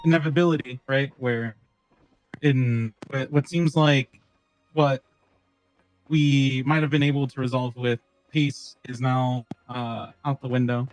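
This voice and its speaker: A man's voice: mid-range voice, steady tone, measured pace, no room sound, faint music behind. A man in a roleplay game talking in character, hesitant and stumbling over his words.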